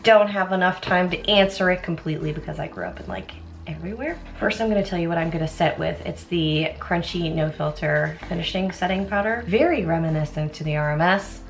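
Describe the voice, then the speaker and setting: A woman's voice: fairly low pitch, animated, fairly quick, vocal fry, hardly any pauses, soft background music. A young American woman chatting in a rambling way while doing her makeup, often interrupting herself with asides. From United States. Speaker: beauty vlogger.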